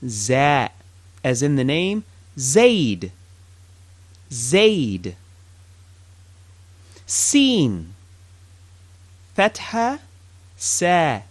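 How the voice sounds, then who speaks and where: A man gives a slow, patient pronunciation lesson, repeating each sound so learners can copy him. His pitch moves a lot as he models sounds. The recording is dry and close. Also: no room sound. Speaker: Arabic teacher. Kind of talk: slow language lesson with drills.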